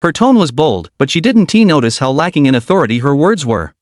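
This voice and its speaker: A man narrates a comic story recap in an even, steady reading. His voice sits a little high and the recording is dry and close. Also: a little fast, no echo.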